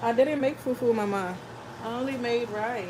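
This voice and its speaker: Cooking live at home in her kitchen, a chatty woman addresses viewers directly and reads their comments aloud. Her voice is a little high and moves at a moderate pace, and some faint noise can be heard behind her.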